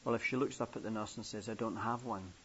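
Steady in tone, quick, and fairly bright, this older man from England delivers a storytelling sermon. He voices the characters himself, going high-pitched for children, and the old tape recording is muffled and hissy.

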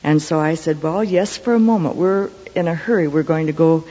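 A middle-aged woman, a Christian speaker, telling a personal testimony in an earnest, measured storytelling sermon. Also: sits low, dark tone, husky. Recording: dull lo-fi recording with long hall reverb.

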